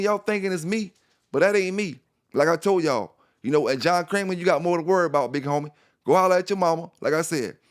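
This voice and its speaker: A man hosting a dog news channel, delivering a confrontational, repetitive rant at rivals. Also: a little high. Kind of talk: casual ranting monologue.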